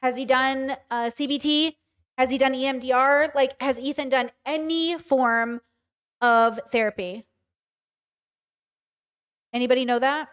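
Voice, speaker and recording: A woman's voice: high voice, fairly even intonation, unhurried, pauses often, fairly bright tone, clean tone. A woman streaming casual live commentary, talking bluntly and with emphasis straight to her chat. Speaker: streamer reacting to a show.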